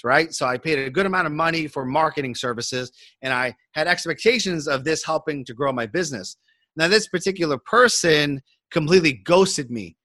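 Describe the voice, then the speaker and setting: A man's voice: a little high, pushed and bright, no room sound. A man in a podcast interview, explaining health coaching in an emphatic way and acting out his own inner thoughts.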